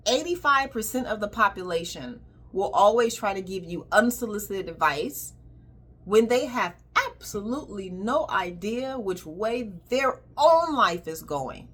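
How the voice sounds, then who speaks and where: A woman's voice: medium pitch, animated, a little slow, fairly bright tone, husky. A woman hosting a casual monologue, speaking directly and emphatically, acting out exchanges with clients. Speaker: colon hydrotherapist hosting a talk.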